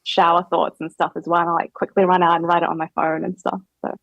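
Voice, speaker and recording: A woman's voice: on the low side, flat delivery, quick pace, creaky, dry recording, muffled recording. A young woman with a New Zealand accent, a guest in a casual chat, talking loosely with lots of fillers and laughter. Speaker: guest rapper.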